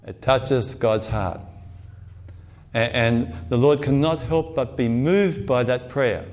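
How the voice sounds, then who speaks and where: A man's voice: mid-range voice, slow pace, darkish tone. Earnest male preacher in a sanctuary. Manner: earnest, acts out the cries of gospel figures. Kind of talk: sermon. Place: church sanctuary.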